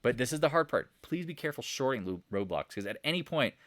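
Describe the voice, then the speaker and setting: A man giving a casual, joking stock market recap over charts, animated and rambling, with sound effects. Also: mid-range voice, quick pace, a little hiss or hum. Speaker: market commentator.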